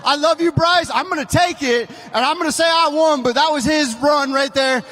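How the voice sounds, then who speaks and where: A man with a very high voice speaks to a stadium crowd after his run. He calls out to them with enthusiasm. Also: normal speed, fairly bright tone. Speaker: monster truck driver. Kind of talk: winner's interview to the crowd.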